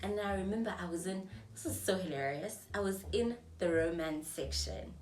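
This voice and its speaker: Young south african woman doing a storytime vlog, pitch all over the place, echoey room, mic kinda far. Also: moderate pace, a little hiss or hum. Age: 20s. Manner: animated, chatty, acts out dialogue in shifting voices. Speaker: vlogger.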